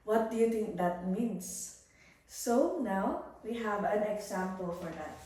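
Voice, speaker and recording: A young woman, a student teacher giving a demo English lesson, explaining slowly and praising pupils. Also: medium pitch, lively intonation, mellow. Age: young adult. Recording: echoey room, voice far from the mic.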